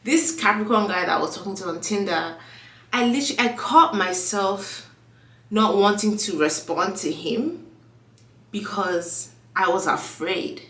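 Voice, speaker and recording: Chatting casually in a vlog, this young woman sounds stuffed up and a little hoarse, leaning on fillers and voicing the people she quotes. Her pitch is medium, her tone fairly bright, and she talks a little slowly. The room echoes, and she's far from the microphone.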